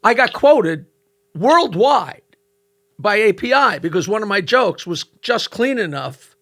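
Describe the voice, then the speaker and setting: Bright-voiced older comedian telling stories. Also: male voice, sits high. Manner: animated joke-telling with quick asides. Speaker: comedian guest. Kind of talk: casual storytelling chat.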